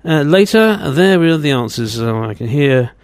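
A man's voice: fairly high pitch, lively intonation, normal speed, gravelly, dry recording. A man hosting a radio show, talking in a chatty, wry way with teasing asides. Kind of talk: casual radio DJ patter.

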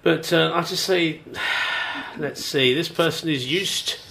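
A man's voice: on the high side, slow pace, gravelly, sharp tone, slight background noise. A man co-hosting a radio show, chatting playfully in a rambling way full of fillers and hesitations. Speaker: radio co-host. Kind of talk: casual on-air chat.

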